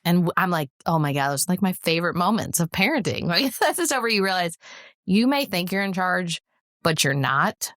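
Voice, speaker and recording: A woman's voice: fairly low pitch, very animated, a little fast, fairly bright tone, dry recording, clean studio sound. A middle-aged woman co-hosting a podcast, telling parenting stories bluntly and laughing often in casual chat. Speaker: podcast co-host.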